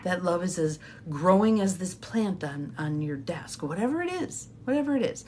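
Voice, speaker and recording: A middle-aged woman coach leading a guided imagery meditation in a soft, half-whispered, breathy voice. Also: lowish voice, sing-song, moderate pace, slight background noise. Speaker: intuitive guidance coach.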